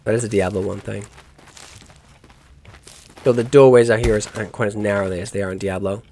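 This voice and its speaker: A man's voice: lowish voice, fairly even intonation, fairly quick, a little mellow. A man giving let's play commentary on a game, musing aloud in rambling asides and correcting himself as he goes. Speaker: gaming YouTuber.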